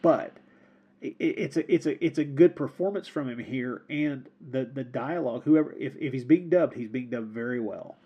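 A podcast co-host with a husky, medium-pitched voice rambles casually about films at a moderate pace, repeating words often and laughing frequently. The audio sounds dull.

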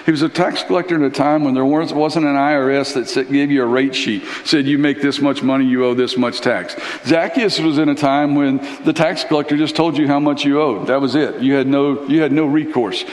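A man preaching a sermon in a church, telling Bible stories in an animated, conversational way. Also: mid-range voice, a little fast, hardly any pauses. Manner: animated storytelling, acting out Bible characters. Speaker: pastor. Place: church hall. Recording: echoey hall reverb.

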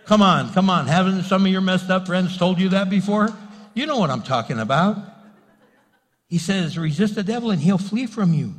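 A man's voice: high voice, big pitch swings, normal speed. A man preaching a sermon as pastor, building emphasis and acting out quotes. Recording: reverberant hall.

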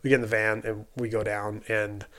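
A man's voice: lowish voice, fairly quick. A man who works as a race mechanic, casually telling a story and acting out what people said, with lots of filler words. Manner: animated, acts out quotes, many filler likes. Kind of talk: casual storytelling in a podcast chat.

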